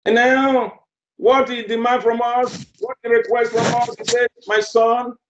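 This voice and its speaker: Preacher, male, very high voice, slow deliberate sermon delivery, roomy muffled recording. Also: level tone. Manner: emphatic, repeats phrases for effect.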